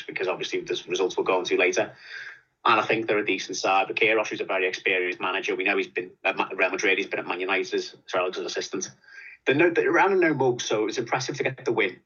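A man's voice: on the low side, breathy edge, highs cut off. A man giving opinionated, rambling football punditry in casual chat. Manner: opinionated, animated, rambling with restarts.

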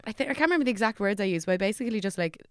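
A woman's voice: medium pitch, animated, very fast, smooth, no echo, clean studio sound. A young woman, an actor, chatting candidly on a podcast, swearing freely and laughing as she talks. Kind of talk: casual chat.

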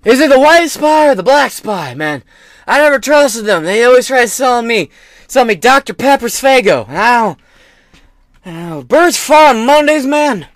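Guy doing a confused old president, rambling nonsense, squeaky high voice. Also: big pitch swings, normal speed, no room sound.

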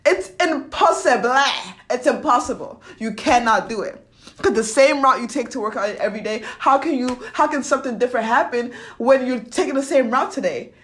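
A woman's voice: on the high side, brisk. Blunt, profane young woman ranting. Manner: blunt and profane, swinging between loud rants and quiet confessions. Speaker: vlogger. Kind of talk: motivational monologue to camera.

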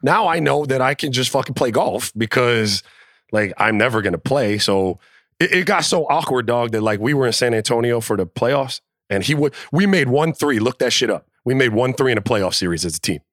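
A man telling a locker-room story in a casual podcast chat, animated and profane, acting out the quotes. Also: medium pitch, brisk, dry recording, clean studio sound. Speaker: podcast co-host, former NBA player.

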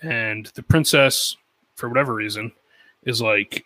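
A man co-hosting a podcast, recapping a cartoon episode in animated, casual storytelling with quoted lines and swearing. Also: medium pitch, measured pace, dry recording, rough recording. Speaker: podcast co-host.

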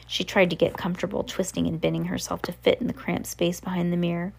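A woman reads a children's novel aloud in a relaxed, homespun manner, correcting her slips as she goes. Her voice is low-pitched with plenty of gravelly fry. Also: fast. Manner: casual, unpolished read with self-corrections. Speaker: reader.

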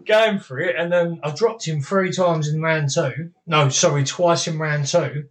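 A man tells his stories in a loose, sweary way, laughing often. His voice sits a little high for a man. It is casual podcast talk. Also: unhurried, a crowd in the background. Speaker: guest, former boxer. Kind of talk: casual storytelling chat.

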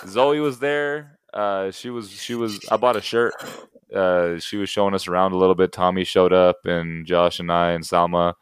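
A young man co-hosting a podcast in casual chat, telling animated stories and acting out the people he quotes. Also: low-pitched, moderate pace, clear, resonant tone, no room sound, clean studio sound. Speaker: podcast co-host.

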